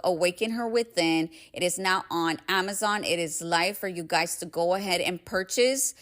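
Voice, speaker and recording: Woman podcast host, young adult, lowish pitch, emphatic casual motivational talk, swears freely. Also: fairly bright tone.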